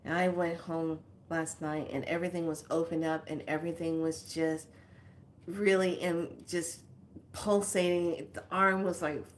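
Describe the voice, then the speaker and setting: A woman in her fifties telling a personal story in a casual, animated way, laughing often and acting out other people's lines. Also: lowish voice, measured pace, slight background noise. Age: 50s. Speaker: spiritual healer.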